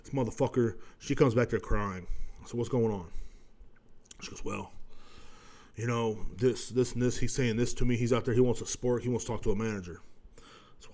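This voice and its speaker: A man, telling a profane story on his podcast and swinging between loud outbursts and low muttering. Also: fast. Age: 30s. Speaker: podcast host. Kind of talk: casual storytelling monologue.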